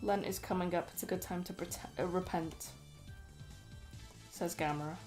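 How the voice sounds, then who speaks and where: A woman's voice: lowish voice, steady tone, moderate pace, darkish tone, soft background music. A woman co-hosting a stream, reading chat messages aloud and tossing in dry, teasing jokes.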